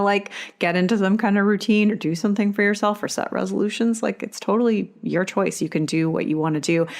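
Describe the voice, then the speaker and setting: A woman hosting a podcast and chatting casually, with lots of filler words. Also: fairly low pitch. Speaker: podcast host.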